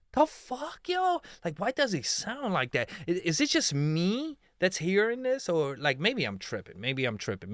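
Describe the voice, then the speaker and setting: A man's voice: medium pitch, fairly bright tone, no room sound, studio quality. A man giving heated reaction commentary, swearing often and firing off rhetorical questions.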